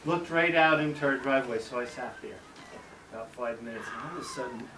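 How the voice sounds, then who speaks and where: A middle-aged school superintendent telling a story to children in a classroom, lively and acting out sounds as he goes. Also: mid-range voice, brisk. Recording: echoey room from far off, background noise.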